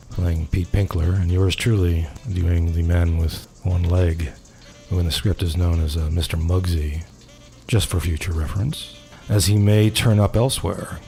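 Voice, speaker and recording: An older man with a low, gravelly, darkish voice hosts a comedy podcast. His casual comedy banter is hesitant and full of self-deprecating humor.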